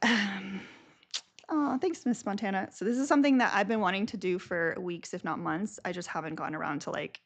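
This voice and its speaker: A woman's voice: mid-range voice, fairly quick. A young woman hosting a live stream, chatting casually and rambling with lots of filler words.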